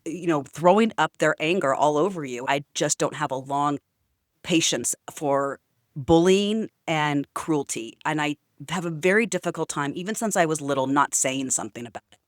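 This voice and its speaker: A woman's voice: low-pitched, normal speed, no echo, clean studio sound. A woman telling a story to camera in a casual, outspoken rant. She swears freely and fills her talk with chatty asides. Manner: chatty with many fillers. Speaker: vlogger.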